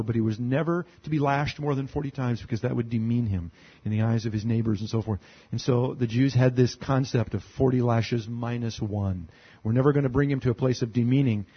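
A man's voice: mid-range voice, slightly rough, dull audio. A man preaching a conversational sermon as pastor, reading scripture aloud and adding rhetorical questions and dry sarcastic asides. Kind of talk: expository sermon.

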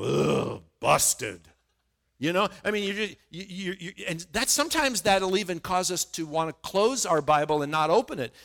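A middle-aged man delivers a sermon in a relaxed, conversational way. His voice sits a little high for a man. He often stumbles over and repeats his opening words before he settles into a thought. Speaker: pastor.

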